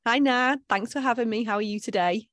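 A woman's voice: fairly high pitch, fairly quick, fairly bright tone, no room sound, clean studio sound. A middle-aged woman with a British accent, a guest coach speaking earnestly and upbeat in a casual interview.

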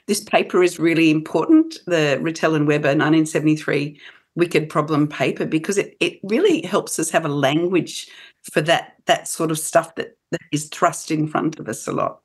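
A woman's voice: low voice, normal speed, breathy edge. A woman talking through ideas on a discussion show, thoughtful and full of restarts. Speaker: panel guest. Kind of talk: casual discussion.

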